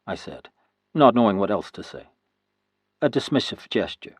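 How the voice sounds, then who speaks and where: Low, husky male audiobook narrator. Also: sing-song, moderate pace, no echo. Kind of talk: first-person historical fiction narration.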